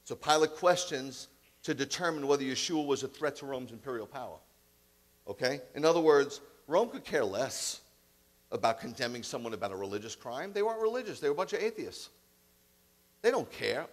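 A man's voice: mid-range voice, expressive, normal speed, long pauses. A man preaching a sermon as rabbi, emphatic and conversational with blunt asides.

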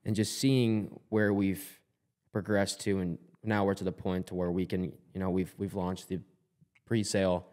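A man's voice: low-pitched, little pitch movement, normal speed, darkish tone. A man co-hosting a podcast, a former player and coach, talking in a blunt, fired-up way and swearing freely. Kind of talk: casual podcast chat.

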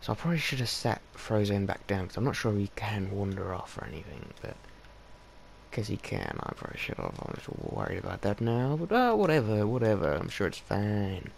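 Gaming host: guy, low and a bit gravelly, chatty let's-play narration that keeps talking to his pets. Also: very animated, a little fast, a little hiss or hum. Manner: chatty, coaxes his in-game pets along. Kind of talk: casual let's-play commentary.

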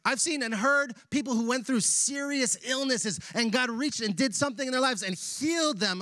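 A male pastor preaching a sermon in a church, casual and animated, using slang as he retells a Bible passage. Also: very high-pitched, dry recording, studio quality. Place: church sanctuary.

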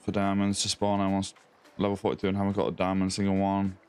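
Aussie guy streaming, lowish voice, chill chat w viewers, mate and buddy every line, bit of music behind. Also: monotone, fast talker, darkish tone, smooth. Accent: Australian. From Australia. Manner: friendly, greets viewers by name, calls them mate and buddy. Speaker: game streamer. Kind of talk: casual live-stream chat reading viewer comments. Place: home streaming setup with a ring light.

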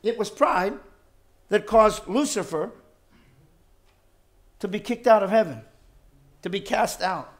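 A man preaching a sermon, emphatic and full of rhetorical questions, moving between loud stresses and quiet asides. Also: very high-pitched.

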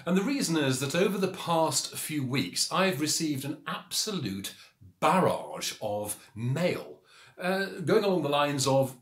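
A man's voice: a little high, big pitch swings, unhurried, roomy sound. A Yorkshire man doing a put-on posh southern English accent, speaking mock-formally to camera in a comic monologue that turns indignant and defiant. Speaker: vlogger.

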